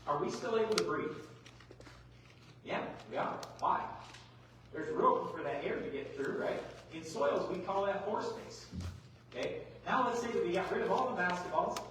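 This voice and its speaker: A middle-aged man speaks to a roomful of farmers in a folksy, animated way, tossing out rhetorical questions. His voice sits a bit high. It rings through a large echoey hall, picked up from some distance with faint background hiss. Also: moderate pace. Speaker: agronomy speaker. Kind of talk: workshop presentation. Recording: echoey hall, mic far off.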